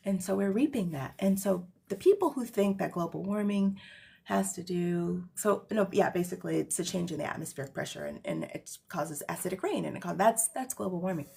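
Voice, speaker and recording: A woman with a gravelly, mid-range voice hosts a casual livestream monologue, rambling and emphatic. She tags her lines with "okay?" and swings between loud bursts and hushed asides.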